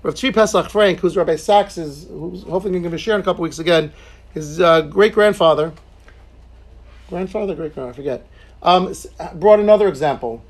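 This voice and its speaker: Male Talmud teacher, high voice, chatty lecture style, plenty of restarts and asides. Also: brisk. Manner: conversational, joking asides, repeats and restarts.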